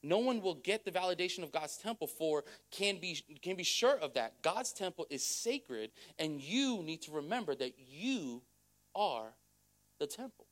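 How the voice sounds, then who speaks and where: Pastor guy preaching, chatty and loose, voice sits a bit high, keeps asking "okay?". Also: big pitch swings, normal speed. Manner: conversational, repeats words, asks the crowd. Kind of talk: sermon with testimony.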